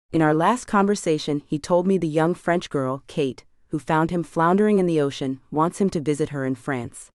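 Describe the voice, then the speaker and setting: A woman's voice: low-pitched, darkish tone, dry recording, clean studio sound. A woman narrating a first-person romance audiobook with wry, chatty asides.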